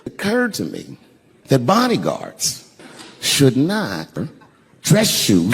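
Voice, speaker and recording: A man's voice: fairly high pitch, measured pace, a little hiss or hum. A man doing stand-up, telling a story with profanity and acting out the scenes. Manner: animated, profane, acts out scenes. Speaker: stand-up comedian.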